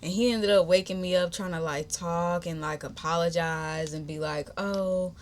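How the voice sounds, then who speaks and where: A young woman hosting a podcast, telling a personal story in a chatty, animated, slangy way and talking straight to her listeners. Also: on the low side, normal speed. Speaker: podcast host. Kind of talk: casual storytime.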